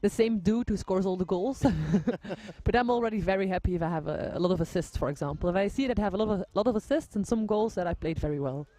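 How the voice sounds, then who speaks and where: Woman doing live sports commentary, warm mellow voice, dry close sound, laughs a lot. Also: medium pitch, expressive, fast talker, dry recording. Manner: giggly, friendly, self-correcting.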